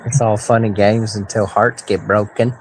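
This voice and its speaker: A man's voice: fairly low pitch, level tone, normal speed, slight background noise. A man from Maine with a Maine accent, joking and swearing heavily in casual banter. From Maine, USA. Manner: joking, heavy swearing, laughs often. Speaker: host.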